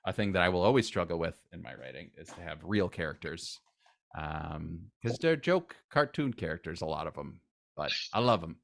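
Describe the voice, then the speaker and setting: A man who is a guest in a casual interview, talking enthusiastically and rambling, with sudden loud acted outbursts. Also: low voice, sing-song, moderate pace, gravelly.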